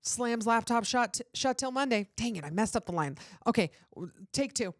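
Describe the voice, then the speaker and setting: A woman's voice: a little high, expressive, moderate pace, slight background noise. Earnest young woman podcast host. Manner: earnest, pleading, filler-heavy. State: runny nose. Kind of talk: casual advice chat.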